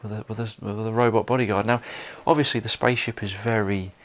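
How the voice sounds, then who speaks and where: A man's voice: on the low side, steady tone, fast talker. A man giving a solo film commentary, rambling with many fillers and restarts.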